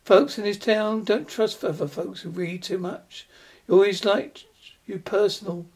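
A reader voicing a frightened old male rural postmaster who warns in folksy, hushed urgency in a storybook reading. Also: mid-range voice, fairly even intonation, a little slow, breathy edge. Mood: urgent warning. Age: older. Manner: secretive rustic warning, folksy grammar.

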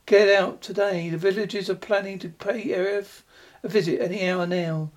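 A reader voicing a frightened old male rural postmaster who warns in folksy, hushed urgency in a storybook reading. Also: mid-range voice, fairly even intonation, normal speed, natural voice. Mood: urgent warning. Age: older. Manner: secretive rustic warning, folksy grammar.

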